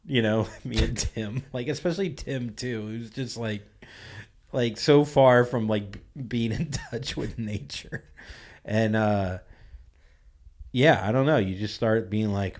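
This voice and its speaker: A man's voice: lowish voice, a little slow. A young man hosting a podcast, telling a story in a laid-back way with many "like"s and laughing asides. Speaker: podcast host. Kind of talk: casual storytelling chat.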